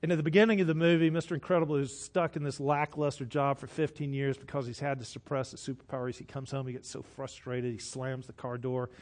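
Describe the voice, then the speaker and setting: A man's voice: medium pitch, flat delivery, quick pace, few pauses. Man preaching a sermon. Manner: storytelling, drops to a soft hush for quoted lines. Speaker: pastor.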